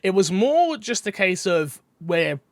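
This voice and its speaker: A man casually and enthusiastically sharing first impressions of a game preview, telling anecdotes in an animated way. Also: sits high, a little slow, no echo. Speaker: gaming channel co-host.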